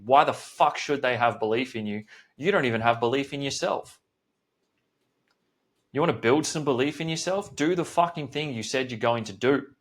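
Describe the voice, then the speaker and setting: A man's voice: mid-range voice, a little fast. A man hosting a solo podcast as a coach, talking bluntly and swearing often in a direct motivational pep talk.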